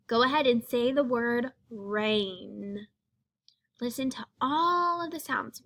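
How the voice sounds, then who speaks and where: A woman's voice: a little high, slow, fairly bright tone. A woman teaching young children a phonics lesson, speaking patiently and sounding out each letter.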